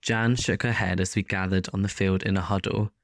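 A man narrating a first-person story as an audiobook in a steady, even delivery. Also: deep voice, brisk, no echo, studio quality.

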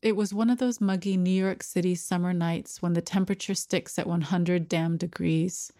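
A woman narrating a first-person story in a measured, even storytelling manner. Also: lowish voice, no echo, clean studio sound. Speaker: audiobook narrator.

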